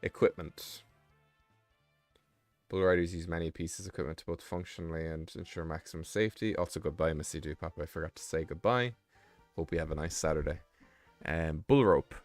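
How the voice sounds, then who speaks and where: A low-voiced man hosts a casual live stream, reading passages aloud and wandering off into offhand asides. His voice sits close and dry on a desk mic. Quiet music plays faintly underneath. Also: moderate pace, dry recording. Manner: rambling, reads text aloud with offhand asides. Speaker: livestream host.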